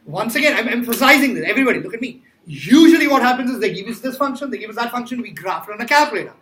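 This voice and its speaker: A math teacher leads a calculus lecture in a very high-pitched, animated voice, talking rapid-fire with a fairly bright tone. He's emphatic and repetitive, quizzing his students as he works through problems. The classroom is echoey, with faint background noise.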